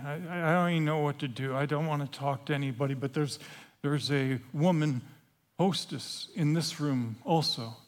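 A man preaching a sermon as a dramatic story, swinging from hushed confession to loud outbursts. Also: mid-range voice.

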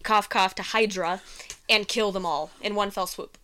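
Excited woman recapping a movie. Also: medium pitch, moderate pace. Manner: enthusiastic, swears casually, laughs often. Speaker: podcast co-host. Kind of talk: casual film recap chat.

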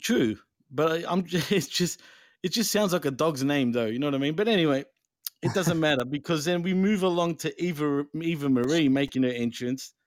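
A man's voice: fairly high pitch, animated, a little fast, dry recording, studio quality. A man co-hosting a casual wrestling podcast, swearing bluntly and joking. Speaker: podcast co-host.

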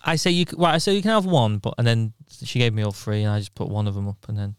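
Guest: man from the Wirral, smooth, dry close sound, meandering storyteller. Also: on the low side, quick pace, no room sound. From the Wirral, England. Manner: rambling anecdotal storyteller with restarts. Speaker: podcast guest. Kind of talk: casual chat.

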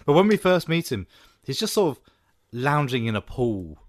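A man talking films in a relaxed podcast chat. His pitch swings freely as he laughs and leaves sentences hanging, and the recording is dry and close. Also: normal speed, dry recording. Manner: chatty, laughs often, trails off mid-sentence. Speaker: podcast co-host. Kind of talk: casual film discussion.

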